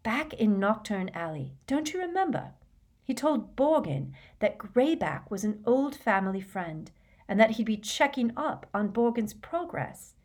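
A woman's voice: fairly high pitch, very animated, unhurried, a little mellow, voice pushed up. Hermione, a woman reading as a thoughtful teenage girl. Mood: insistent. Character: clever, cautious teenage girl.

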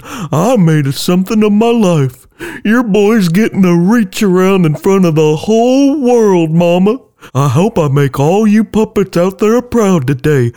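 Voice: medium pitch, mellow, lightly acted. Someone doing a folksy paper-bag puppet boy. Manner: folksy, awestruck, rural drawl. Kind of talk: comedy sketch impression.

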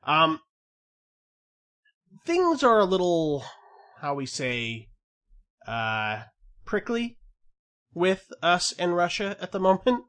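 A man's voice: high voice, wildly swooping pitch, slow, pauses often, fairly bright tone. A man co-hosting a podcast, chatting casually and rambling with many fillers and restarts. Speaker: podcast co-host. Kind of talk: casual chat.

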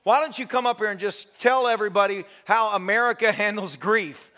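Male pastor, sermon, animated storytelling, bright tone. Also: sits high, a little fast. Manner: animated, joking, acts out quotes. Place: church sanctuary.

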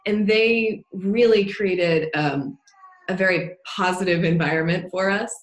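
A woman guest on a podcast talking casually in a cheerful way, laughing often and filling pauses with ums. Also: fairly low pitch. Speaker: podcast guest, dance teacher. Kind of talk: casual interview chat. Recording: roomy echo.

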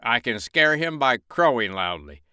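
A man voicing a boastful, strutting male rooster in a storybook reading, bragging loudly and pompously. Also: mid-range voice, big pitch swings, unhurried, clear, resonant tone, no echo, clean studio sound, full character voice.

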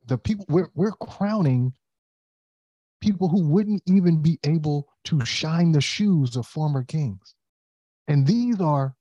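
A man's voice: on the high side, warm tone, no room sound. A man in casual podcast chat, talking animatedly and acting out quotes, with many restarts.

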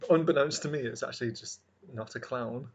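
A man co-hosting a podcast from home, bantering in a playful, deadpan way. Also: medium pitch, a little hiss or hum. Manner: playful, deadpan, quick to laugh. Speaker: podcast co-host. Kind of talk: casual comedic banter. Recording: dull lo-fi home recording.

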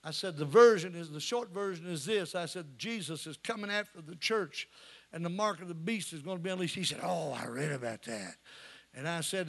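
A man, preaching a sermon and telling stories in a folksy way that rises to shouting. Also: on the high side, brisk, creaky. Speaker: pastor. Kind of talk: sermon with storytelling.

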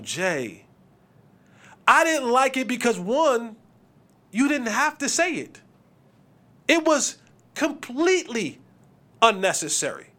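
Animated bright-voiced man giving sports opinions. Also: very high-pitched. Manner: animated, preachy, acts out quotes. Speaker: sports podcast host.

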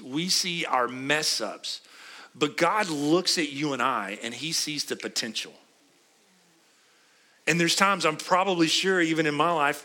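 A man's voice: fairly high pitch, sharp tone. A middle-aged man preaching a sermon as a pastor, conversational and often asking his listeners questions. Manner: conversational, asks the congregation questions.

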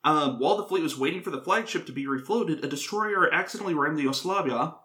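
A man's voice: on the high side, quick pace, bright, forceful tone. A man hosting a casual podcast, telling a history story in a rambling, joking way and often correcting himself.

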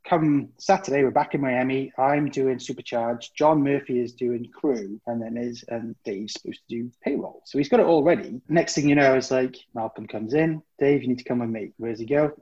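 A British man who used to work on a cruise ship tells a casual, swear-filled story about the crew, imitating his coworkers' voices with energy. His husky, medium-pitched voice runs at normal speed with few pauses, and the highs are cut off.

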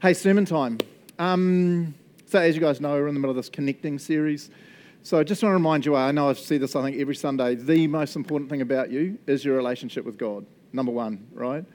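Lively New Zealand pastor, chatty. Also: male voice, fairly high pitch, fast. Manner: chatty, joking, animated. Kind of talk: lively sermon. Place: church hall. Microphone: handheld microphone.

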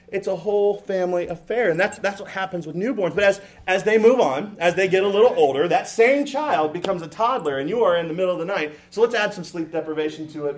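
A middle-aged man gives a sermon in a fairly high voice. He jokes with the room, restarts his sentences often and acts out what tired parents say. The delivery is casual and animated. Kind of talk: sermon with humorous asides.

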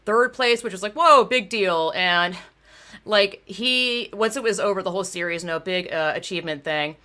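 A woman telling her story in blunt, casual talk, swearing freely as she gets worked up. Her voice is bright and forceful. She sounds like a former bike racer venting to a friend. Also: on the low side, moderate pace. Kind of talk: casual conversation.

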